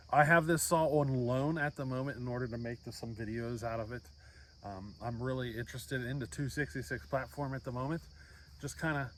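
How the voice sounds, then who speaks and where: A man's voice: mid-range voice, a bit bright, slight background noise. A man chats casually outdoors in the countryside, hosting his chainsaw channel. His voice sits in an ordinary middle range. He talks in a loose, folksy ramble full of fillers, with faint crickets and insects heard behind him. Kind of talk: casual chat to camera.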